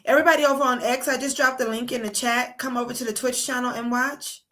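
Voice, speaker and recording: Woman streamer ranting and cussing, high bright voice. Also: fairly even intonation, fast. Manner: profane, heated ranting. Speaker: political livestream host. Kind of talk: casual live-stream commentary. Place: abroad while traveling.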